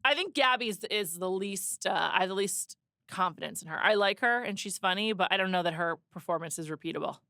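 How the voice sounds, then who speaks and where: A young adult woman co-hosting a casual podcast, giving lively opinions in a chatty way. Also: mid-range voice, a little fast, creaky, no room sound. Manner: lively, opinionated, frequent "like" and restarts. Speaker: podcast co-host. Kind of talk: casual chat.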